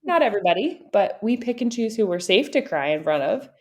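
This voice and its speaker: A woman's voice: mid-range voice, sing-song, brisk. A woman in her thirties co-hosting a podcast, talking earnestly and reflectively in casual chat with frequent fillers. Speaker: podcast co-host.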